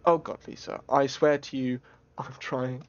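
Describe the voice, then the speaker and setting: A man streaming a horror game, talking in a jokey, excitable way with yelps and laughs. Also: mid-range voice, a little slow, highs cut off, a little hiss or hum. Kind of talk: gaming commentary.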